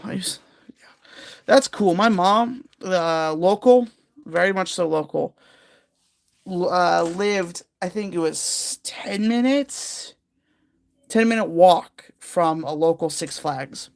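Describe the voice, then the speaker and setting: A livestream host chats casually with viewers while working on a jigsaw puzzle, rambling and laughing along the way. The talk is slow and unhurried, with a gravelly, creaky edge. The sound is dry, with no room echo. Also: mid-range voice. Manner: rambling and giggly, chatting with viewers.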